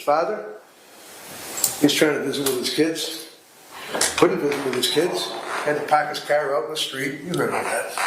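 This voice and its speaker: A man's voice: a little high, reverberant, noisy background. A man giving a defense closing argument to a jury, speaking emphatically and repeating himself for effect. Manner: emphatic, repetitive, conversational courtroom oratory. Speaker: defense attorney. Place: courtroom.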